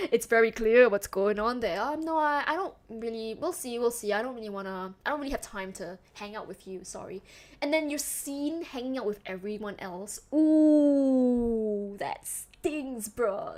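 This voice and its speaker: Woman streamer, casual chat, higher voice, chatty and giggly with loose fillers. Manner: chatty, laughs often, trails off with fillers.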